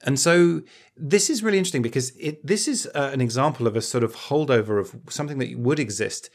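A man's voice: mid-range voice, lively intonation, fast talker. A man co-hosting a podcast in casual chat, explaining points thoughtfully and hedging his claims. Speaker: podcast co-host.

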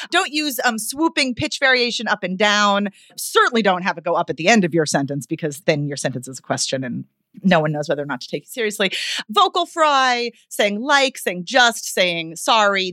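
A woman vocal coach being interviewed on a podcast, talking in an animated, expressive way. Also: no echo, clean studio sound. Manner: animated, expressive, wide pitch swings.

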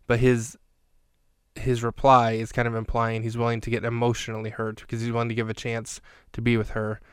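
A man's voice: medium pitch, completely flat delivery, a little fast, clear, resonant tone, no echo. A man hosting a podcast, casually recapping a film scene by scene in a chatty, rambling way with dry jokes.

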